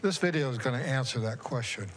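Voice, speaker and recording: A man in a church service reading a Bible verse and introducing a video in a plain, unhurried way. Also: mid-range voice, expressive. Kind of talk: church announcement with scripture reading.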